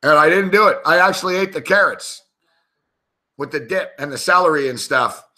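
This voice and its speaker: Male host, casual live betting commentary, slightly high voice, bright forceful tone, rambling, cursing a lot. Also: normal speed. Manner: rambling, profane storytelling with frequent laughs. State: tipsy, recounting a night of drinking. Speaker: sports betting show host.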